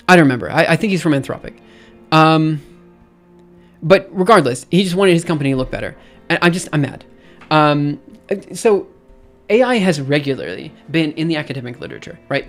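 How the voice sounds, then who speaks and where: A man's voice: on the high side, animated, a little fast, long pauses, a bit bright, soft background music. A man streaming, reading a research paper aloud and ranting about it in an exasperated voice that keeps repeating and restarting itself. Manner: exasperated, repetitive, restarts often. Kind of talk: casual ranting commentary.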